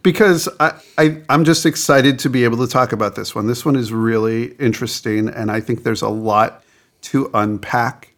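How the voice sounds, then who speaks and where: Laid-back podcast host. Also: male voice, medium pitch, fairly even intonation, moderate pace. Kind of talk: casual chat.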